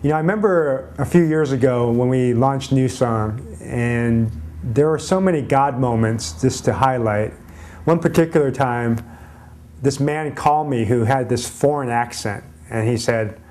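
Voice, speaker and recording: A man's voice: medium pitch, moderate pace, mellow. A man, a pastor, telling a personal story in a conversational, encouraging church message.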